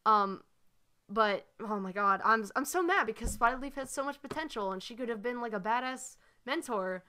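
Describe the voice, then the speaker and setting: A woman's voice: fairly high pitch, lively intonation, moderate pace, pushed and bright, slight background noise. A woman ranting in a frustrated, sighing way as she talks through her analysis, with lots of fillers. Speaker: fan analysis video maker. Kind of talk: ranting commentary.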